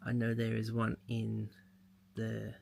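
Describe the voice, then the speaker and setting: A man's voice: on the low side, monotone, slow, vocal fry, a little mellow, a little hiss or hum. A man chatting casually as he unboxes a mystery box, thinking aloud as he handles the packaging. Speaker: unboxing vlogger.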